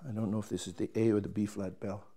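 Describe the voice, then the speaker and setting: A man's voice: on the low side, level tone, fast talker, dark tone. A man, a trumpet player, casually explaining and demonstrating his instrument, thinking aloud as he works and restarting his sentences.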